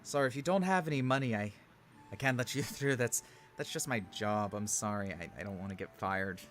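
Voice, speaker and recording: A man's voice: fairly low pitch, brisk, a little hiss or hum, pitched below the performer's own voice, close to an everyday voice. A man playing a heavyset, sweaty toll booth guard in a tabletop game, apologetic and exasperated. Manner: apologetic, exasperated, bursts into shouting. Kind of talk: tabletop role-play acting.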